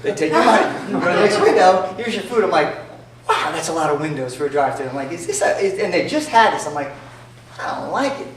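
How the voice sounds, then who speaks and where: A man's voice: a little high, quick pace. A man from New York with a New York accent, telling jokey stories to an audience as an entrepreneur and acting out the dialogue. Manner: animated, jokey, acts out dialogue. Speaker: entrepreneur speaker. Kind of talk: storytelling talk to an audience. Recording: echoey room from far off, faint noise.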